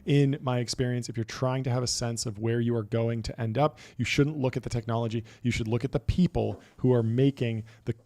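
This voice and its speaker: Guy hosting a tech podcast, mid pitch, chatty and animated, reads stuff out and riffs on it. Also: brisk, few pauses. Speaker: podcast host. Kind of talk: casual news commentary, reading quotes aloud.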